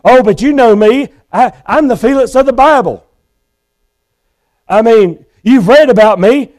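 A man's voice: very high voice, unhurried, a little mellow. A male preacher voicing a lost man named Felix, begging and stammering before his judge in a sermon. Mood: pleading. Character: desperate lost man Felix pleading at judgment.

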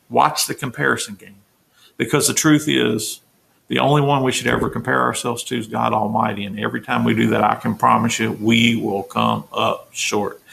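A man's voice: medium pitch, vocal fry, sharp tone. A man, a pastor, teaching a Bible study sermon in an earnest, emphatic way, restating his points to the listeners.

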